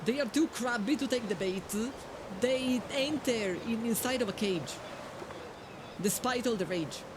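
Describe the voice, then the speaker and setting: A woman's voice: on the high side, measured pace, noisy background. A woman with an Italian accent giving playful, joking live-stream commentary to her chat while playing a game. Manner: playful, jokey, addresses chat.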